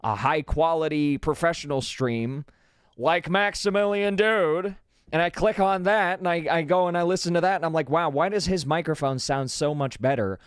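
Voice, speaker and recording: A man hosting his own live stream, chatting casually and excitably, with many restarts, into a dynamic studio broadcast microphone at a home streaming setup. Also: on the high side, moderate pace, clear, resonant tone, dry recording. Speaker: livestream host.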